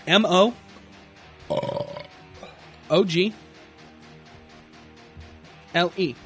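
A man's voice: high voice, drawn-out words, a bit bright, soft background music. A man co-hosting a podcast, swearing and mocking in loose, joking banter. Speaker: podcast co-host. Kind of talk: crude comedic podcast banter.

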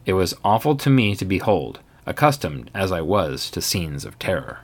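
A man narrating a Victorian ghost story in the first person, with a measured, theatrical delivery. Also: sits low, sing-song.

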